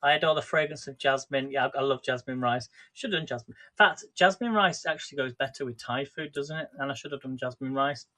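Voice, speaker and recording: A man rambles casually through a live cooking stream, addressing viewers by name as the host. His mid-range voice is pushed and bright, and he talks briskly with few pauses.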